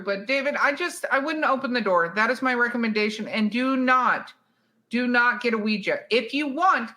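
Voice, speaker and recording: Bright-voiced chatty woman podcast host. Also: fairly high pitch. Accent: Southern US. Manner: chatty, emphatic, quick asides. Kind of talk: casual chat answering listener questions.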